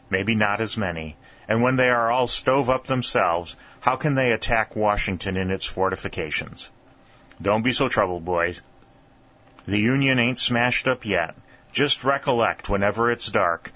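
A man's voice: lowish voice, sharp tone, dull audio. A man voicing a cheerful veteran Union soldier who talks in homespun rural grammar and reassures his comrades. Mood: reassuring.

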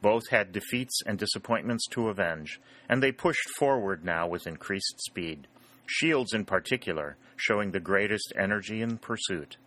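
Reading from a script, a man narrates an audiobook with steady, measured delivery. The voice sits on the low side yet sounds bright and forceful.

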